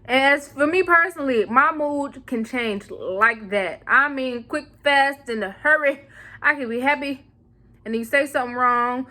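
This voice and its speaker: A young woman vlogger talks casually to her camera, sassy and animated. Her voice sits high and sounds bright and crisp. She throws in playful slang between points.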